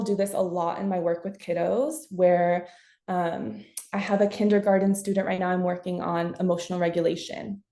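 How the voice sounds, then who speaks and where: Woman, parent-workshop presenter; warm, mellow tone, chatty and relaxed, recorded on a computer mic in a roomy, echoey space. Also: medium pitch. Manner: casual and chatty, acts out example self-talk. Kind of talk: conversational webinar presentation. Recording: echoey room.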